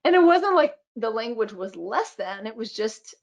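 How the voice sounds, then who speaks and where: A woman's voice: fairly high pitch, very animated, normal speed, vocal fry, lo-fi sound. A woman in her fifties, a physician and midwife, speaking on a webinar video call in a reflective, storytelling way with frequent fillers. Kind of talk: webinar conversation.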